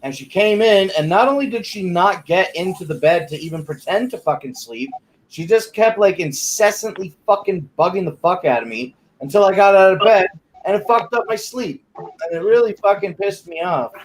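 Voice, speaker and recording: Profane, rambling young man, high voice. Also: animated, moderate pace, a little hiss or hum, low-quality recording. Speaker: podcast co-host. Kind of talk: casual chat.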